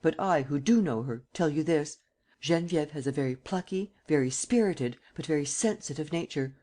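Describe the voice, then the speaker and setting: A frightened old woman begging to be left in peace, her voice raised high and trembling with worry, as a male audiobook reader puts her on. She implores and scolds by turns in a storybook reading. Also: moderate pace, dark tone, natural voice. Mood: pleading. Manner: tearful, imploring. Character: anxious, pleading old woman guardian.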